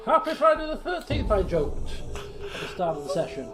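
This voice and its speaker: A man's voice: very high voice, very animated, brisk, over loud music. Exasperated man streaming a game. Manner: exasperated, self-mocking, laughs often. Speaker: gaming streamer. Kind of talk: live game commentary.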